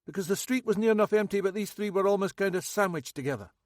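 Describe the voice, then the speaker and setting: A man voicing an odd, blunt Scottish man with a sharp memory, talking raised and insistent as he rattles off details. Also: high-pitched, fast talker, dry recording, clean studio sound, voice pushed up, close to an everyday voice.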